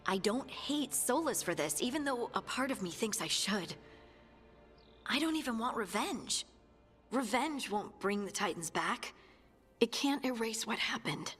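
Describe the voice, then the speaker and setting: An actress voicing a thoughtful young female scout in a video game, speaking quietly and reflectively over faint game music. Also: on the high side, animated, a little slow, husky, exaggerated voice. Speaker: game character.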